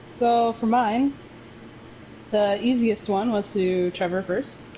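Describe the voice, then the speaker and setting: A woman's voice: mid-range voice, slow, dark tone, a little hiss or hum, poor audio. A woman co-hosting a casual podcast chat with friends, rambling with lots of fillers and laughs. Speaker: podcast co-host.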